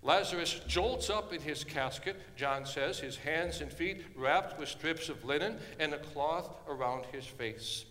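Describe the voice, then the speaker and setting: A man preaching a sermon, telling a story dramatically and dropping from hushed tones to loud ones. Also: fairly high pitch, measured pace, few pauses. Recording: long hall reverb.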